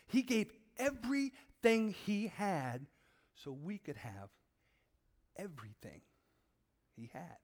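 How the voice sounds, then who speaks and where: A man's voice: high voice, lively intonation, slow, pauses often. A middle-aged man preaching a conversational sermon, repeating words and asking his listeners questions. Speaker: pastor.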